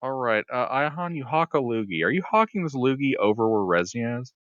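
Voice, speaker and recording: A man narrating as game master of a streamed tabletop game, halting with many fillers. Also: mid-range voice, animated, a bit bright, dry recording, muffled recording.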